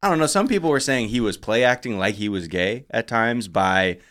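A man's voice: fairly low pitch, lively intonation, brisk, fairly bright tone. A man hosting a podcast, telling a story in a loose, casual way, with lots of swearing and filler words. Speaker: podcast host. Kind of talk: casual chat.

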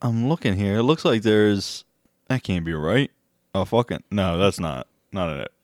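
A man's voice: lowish voice, expressive, normal speed, darkish tone, no echo, clean studio sound. A man co-hosting a casual podcast who swears often, laughs a lot and makes sarcastic remarks. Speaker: podcast co-host. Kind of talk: casual conversational podcast chat.

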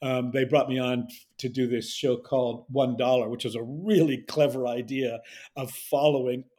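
A man speaks in a mellow, warm voice. He talks as a dialect coach in a loose interview and acts out the voices he quotes. His pitch sits mid-range for a man. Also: normal speed. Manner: animated storyteller, acts out quotes. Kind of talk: conversational interview.

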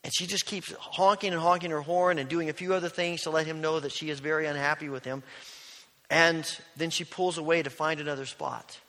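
A male pastor preaching a sermon, telling stories earnestly and dropping to a hush on key lines. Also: on the high side, steady tone, brisk. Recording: long reverb of a large hall.

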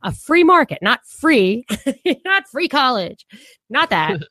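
Talking through politics on a podcast she co-hosts, this woman rambles in a casual way, keeps restarting her sentences, and laughs readily. She has a high, very animated voice with a pushed, bright quality, and she takes it slowly. The recording is dry.

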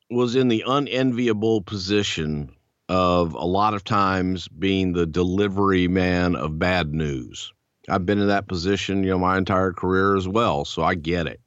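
Animated, low-voiced man telling stories. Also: no echo. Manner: animated, profane storyteller acting out quotes. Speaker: podcast host. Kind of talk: casual storytelling. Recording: dull lo-fi dry sound.

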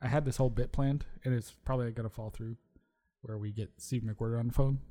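A man's voice: medium pitch, steady tone, fast talker, warm tone. A man co-hosting a casual podcast, brash and insistent, swearing freely. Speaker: podcast co-host. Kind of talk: casual drinking podcast banter.

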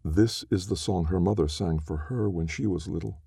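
A man narrating a story in a slow, measured, solemn reading. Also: sits low, vocal fry, mellow, breathy edge, no echo, studio quality.

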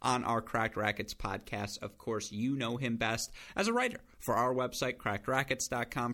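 A young man hosting a casual podcast chat, an animated storyteller. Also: mid-range voice. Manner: animated storyteller, acts out quoted voices. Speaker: podcast host.

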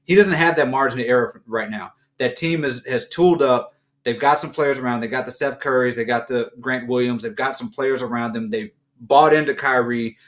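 A man's voice: mid-range voice, fairly quick, fairly bright tone. A man co-hosting a casual sports talk show, rambling through his points with restarts and bursts of laughter. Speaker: co-host.

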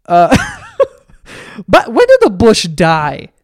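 A podcast host rambles through a solo comedy bit, swearing freely and jumping between animated tangents. The voice is captured close and dry, with no room sound. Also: medium pitch, very slow, no room sound. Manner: rambling, profane, animated storytelling. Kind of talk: comedic monologue.

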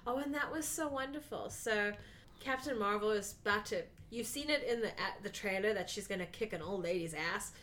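A woman co-hosting a casual movie podcast, effusive and quick to laugh as she gushes about films. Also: medium pitch, a bit bright, a little hiss or hum. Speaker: podcast co-host. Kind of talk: casual movie review chat.

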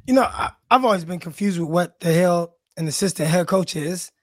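A man co-hosting a casual sports talk show, his voice hoarse and going, speaking bluntly with laughs and repeated words. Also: sits high, a little fast, no room sound. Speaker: co-host, former player.

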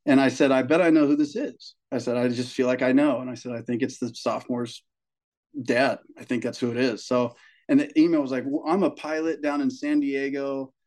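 A young man chats casually, like he's on a podcast, about coaching high school baseball. He speaks at an ordinary middle pitch. His delivery is animated and a bit profane, and he bounces into higher voices to act out quoted parents and colleagues. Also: brisk. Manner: animated storyteller, swears, acts out quoted people.

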